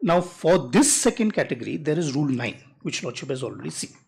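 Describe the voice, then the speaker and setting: An advocate, making a measured, deliberate legal argument in a courtroom and reading rules aloud slowly. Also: medium pitch, big pitch swings, creaky, darkish tone, breathy edge. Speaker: advocate arguing before a judge.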